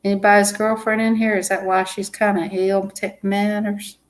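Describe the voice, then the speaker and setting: A woman's voice: medium pitch, level tone, normal speed. A woman chatting casually to her live-stream viewers, rambling and laughing often.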